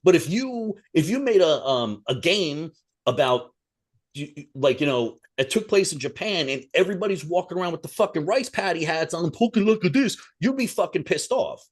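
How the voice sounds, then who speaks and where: A man co-hosting a podcast in loose, casual chat. He rants with heat and swears constantly, and his voice is a little high for a man. His pitch swings widely as he works himself up. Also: expressive, moderate pace. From Italian-American. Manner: heated, profane, ranting. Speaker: podcast co-host.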